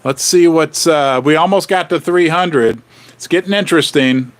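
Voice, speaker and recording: A man hosting a casual livestream, rambling and animated as he chats with viewers. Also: on the high side, normal speed. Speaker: livestream host. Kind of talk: casual livestream chat about finance.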